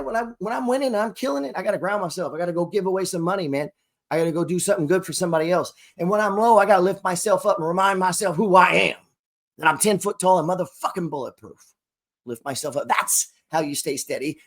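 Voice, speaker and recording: A middle-aged man hosting his own channel, delivering a profane, slangy motivational talk about trading and making money straight to the camera. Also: high voice. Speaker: trading coach and channel host.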